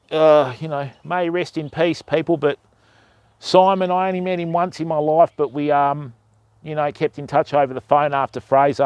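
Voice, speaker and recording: Older Australian man, fishing livestream host, high-ish voice, dry close sound, rambling and matey, outdoors. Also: smooth, no echo. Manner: rambling, matey, swears and tells jokes. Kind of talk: casual livestream chat.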